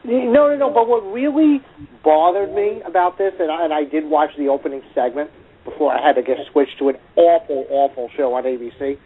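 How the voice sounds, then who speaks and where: A man co-hosting a casual podcast chat, animated and quick to repeat himself when excited. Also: a little high. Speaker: podcast co-host. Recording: tinny phone-line audio with faint hiss.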